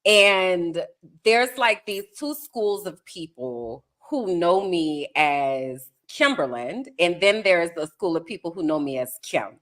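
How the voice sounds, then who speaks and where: A woman co-hosting a casual podcast, talking in an animated, playful way and stretching words for emphasis. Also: lowish voice, slow. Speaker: podcast co-host.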